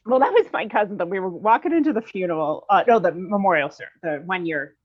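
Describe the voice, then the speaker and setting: A woman guest in a candid talk about grief, chatty and quick to laugh as she tells stories. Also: lowish voice, lively intonation. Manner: chatty, laughs often while telling stories. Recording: dull lo-fi recording.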